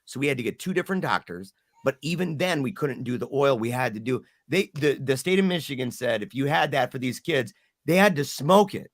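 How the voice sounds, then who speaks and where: Middle-aged man, guest storyteller, animated, does the voices, dry room. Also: medium pitch, fairly quick, no room sound. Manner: animated, acts out quoted voices. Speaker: podcast guest. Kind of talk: emotional storytelling.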